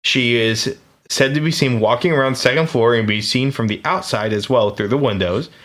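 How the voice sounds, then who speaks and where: A man's voice: medium pitch, brisk, a bit bright. An American man co-hosting a podcast, recounting ghost reports in a laid-back, jokey way with hesitant restarts. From United States. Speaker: podcast co-host. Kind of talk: casual chat, reading paranormal research.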